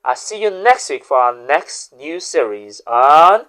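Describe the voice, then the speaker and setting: A woman hosting a pronunciation lesson, saying each word slowly and repeating it as a drill. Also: deep voice, big pitch swings, fairly bright tone. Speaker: diction teacher and host.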